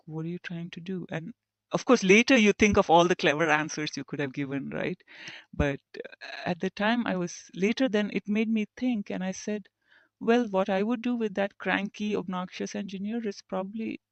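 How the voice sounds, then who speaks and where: A woman's voice: medium pitch, no room sound, highs cut off. A woman engineer, a podcast guest, talking reflectively and acting out the remarks of people she quotes. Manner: reflective, tells stories and acts out quoted remarks. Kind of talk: conversational interview.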